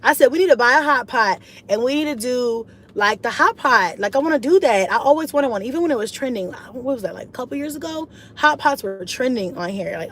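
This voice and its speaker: A woman hosting her own channel as a mom vlogger, chatting casually through a livestream and reading viewer comments in slangy, relaxed talk, often jumping high in pitch.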